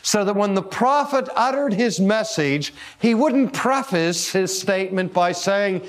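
Male preacher, slow deliberate delivery, fairly high-pitched, emphatic stress on key words, rhetorical questions. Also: expressive. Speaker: preacher and teacher. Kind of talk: theological lecture-sermon.

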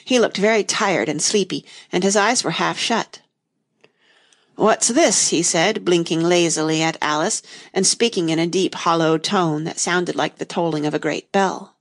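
A woman reading a storybook aloud in an expressive, measured way. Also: fairly low pitch. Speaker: narrator.

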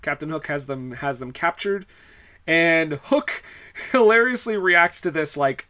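Bright-voiced man chatting, laughing often. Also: a little high, animated, measured pace. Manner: laughs often, many fillers and restarts. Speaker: podcast co-host. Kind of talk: casual chat recapping a film.

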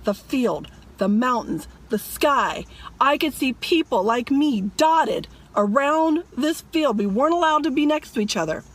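A woman's voice: high-pitched, animated, a little slow. A woman vlogger telling a dream in a dramatic, emphatic way and urging viewers to repent. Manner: emphatic, addresses viewers as "people". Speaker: religious vlogger. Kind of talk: dramatic storytelling and preaching.

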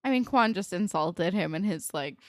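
A young woman co-hosting a casual recap podcast, animated and peppered with "like" and swearing. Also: lowish voice, moderate pace, dry recording, clean studio sound. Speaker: podcast co-host.

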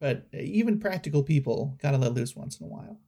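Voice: medium pitch, expressive, brisk, creaky, dark tone. A game master narrating a tabletop game in a loose, chatty way with many fillers.

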